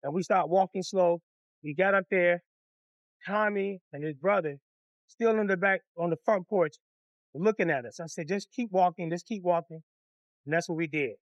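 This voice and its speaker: A man from Detroit telling a story from his own past in a casual, cussing storytime style, acting out everyone's voices. His voice is very high for a man, and he is recorded close on a dry mic with no room around him. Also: normal speed, no room sound, highs cut off. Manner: animated, profane, acts out voices.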